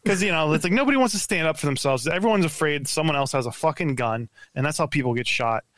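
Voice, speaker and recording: A man guesting on a podcast, telling a story in a lively, profane way full of stammered restarts, over a remote call mic. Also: a little high, fast talker, no echo. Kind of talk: casual podcast chat.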